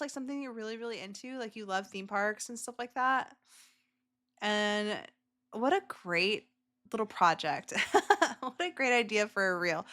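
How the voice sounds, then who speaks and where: Bright-voiced gushing woman reacting. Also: medium pitch. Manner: gushing and emotional, lots of filler words. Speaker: reaction video host. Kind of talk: casual reaction commentary.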